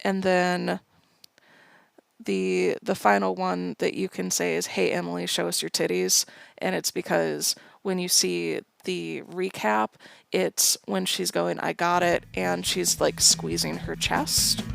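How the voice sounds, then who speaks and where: A woman's voice: on the low side, level tone, slow, gravelly, dry recording. A woman co-hosting a podcast, playfully reading out a list of audience callback lines in casual chat. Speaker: podcast co-host.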